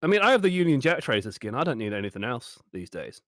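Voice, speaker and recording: A man co-hosting a stream, breaking down plays in a relaxed, analytical way with a wry edge. His voice sits at an ordinary middle pitch. The recording is dry and close. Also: fast talker, no room sound. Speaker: co-streaming guest. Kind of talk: casual game-analysis chat.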